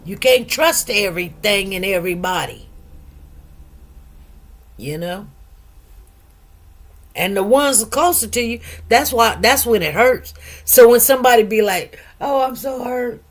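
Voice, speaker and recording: A woman's voice: mid-range voice, expressive, measured pace, pauses often. A middle-aged woman, hosting a casual livestream and talking straight to her listeners with lots of emphatic asides. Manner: chatty, emphatic, addresses listeners directly with frequent asides. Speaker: livestream host.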